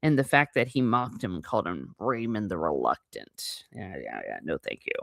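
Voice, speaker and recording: A woman reviewing a novel, reading passages aloud and breaking in with gushing, animated asides. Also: very deep voice, normal speed, creaky, dry recording, studio quality. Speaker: book reviewer.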